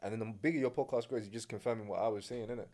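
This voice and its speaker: A man talking as a podcast guest. His voice sits on the low side and moves quickly, with a relaxed, slangy, explanatory way of talking. He lays out his advice step by step in a casual conversation. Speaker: podcast guest, branding consultant.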